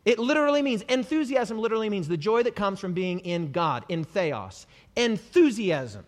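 A man preaching a sermon as a pastor, enthusiastic, breaking into shouted hallelujahs. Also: high voice, big pitch swings, moderate pace. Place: church hall. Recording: long hall reverb.

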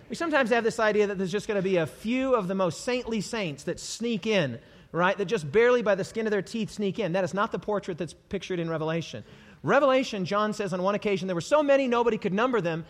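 A man preaching a sermon as a pastor, enthusiastic, breaking into shouted hallelujahs. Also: sits high, lively intonation, fast talker. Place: church hall. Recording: long hall reverb.

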